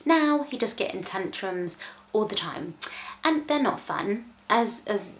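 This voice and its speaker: A woman's voice: medium pitch, expressive, unhurried. A mother chats straight to camera about her son in a casual home vlog. She is candid and chatty and laughs at herself. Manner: chatty, candid, self-mocking. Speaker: vlogger, mother.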